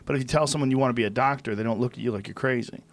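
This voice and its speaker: Man hosting a casual podcast, mid-pitched, reflective and talkative. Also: very fast. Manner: reflective, explains at length. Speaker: podcast host. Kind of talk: casual chat.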